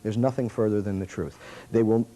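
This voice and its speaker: A man teaching a puppetry workshop in an animated, demonstrative way. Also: lowish voice, brisk, rough recording.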